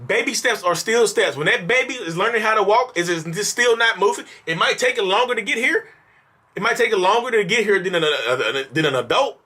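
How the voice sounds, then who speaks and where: A man's voice: high voice, expressive, brisk, bright, forceful tone, breathy edge. A man ranting in an exasperated, repetitive, pleading way at his viewers in a vlog monologue, calling them y'all. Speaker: mental health vlogger.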